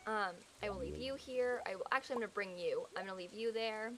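A young woman in her twenties, chatting casually and excitably while streaming a game. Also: mid-range voice, quick pace, a little hiss or hum. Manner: excitable, gasps and laughs often. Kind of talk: casual chat while gaming.

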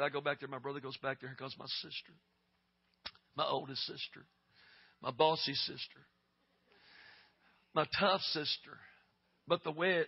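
An older man preaching at a church revival, telling a tearful story and building to shouted calls for prayer. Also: sits high, muffled recording. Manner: tearful, rising to shouted exhortation. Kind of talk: emotional storytelling sermon.

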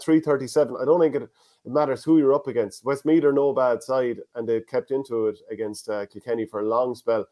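An Irish man hosting a casual sports chat, reading out listener comments and giving his own views. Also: medium pitch. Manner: fast, animated, reads listener comments aloud. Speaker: podcast host.

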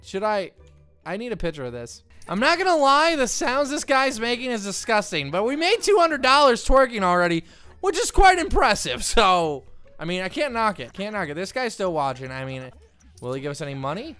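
A young man giving excitable, rambling let's-play commentary with frequent laughter. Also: high-pitched, fairly quick, smooth, soft background music. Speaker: gaming YouTuber.

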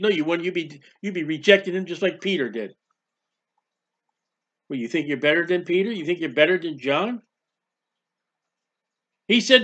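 Fervent high-voiced man preaching. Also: lively intonation, normal speed, long pauses, pushed and bright, highs cut off. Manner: fervent, repetitive preaching with rhetorical questions and acted-out prayers. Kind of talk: sermon.

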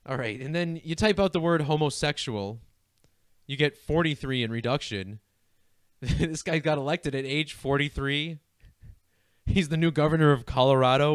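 A young man hosts a numerology video, chatting casually over a screen share in a clean, high-leaning voice with no room sound. He's giggly and keeps breaking into laughter.

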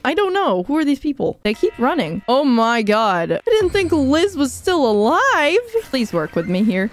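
A young woman streaming a video game, reacting in excitable, squealing commentary as she plays. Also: high-pitched, moderate pace, hardly any pauses, soft background music.

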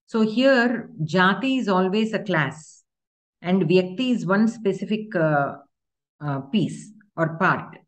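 A woman's voice: mid-range voice, lively intonation, takes it slowly. A woman teaching Sanskrit grammar in an online class, explaining patiently step by step with examples.

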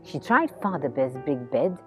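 A woman reading a story aloud for children outdoors in a garden, playful and animated. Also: low-pitched, normal speed, faint music behind. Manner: animated and playful, chatting to a teddy. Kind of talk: read-aloud storytelling for kids.

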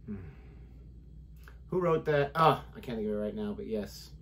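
A man's voice: fairly low pitch, normal speed, fairly bright tone. A man co-hosting a reaction video in casual chat, teasing his co-host with playful asides.

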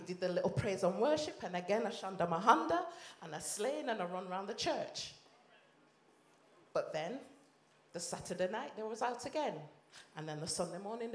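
A woman minister from Leeds with a Yorkshire accent, giving an impassioned sermon testimony that swings between loud and hushed. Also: medium pitch. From Leeds, England. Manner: impassioned, rises and drops sharply in volume. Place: church or conference hall. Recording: echoey hall.

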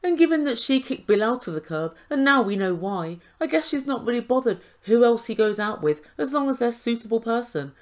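A woman's voice: fairly high pitch, animated, fairly quick, few pauses. A woman giving an indignant, sarcastic recap and review of a reality TV show, swearing now and then.

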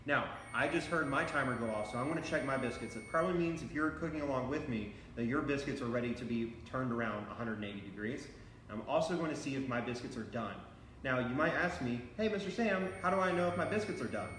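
A man's voice: mid-range voice, quick pace, fairly bright tone, roomy sound, a little hiss or hum, poor audio. A man teaching a live online cooking class for kids, upbeat and encouraging as he talks straight to the children.

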